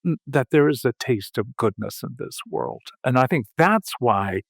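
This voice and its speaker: An older man talking slowly in a reflective conversation, halting and restarting, with sudden lifts in pitch. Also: lively intonation, vocal fry, no room sound, studio quality. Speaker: podcast host.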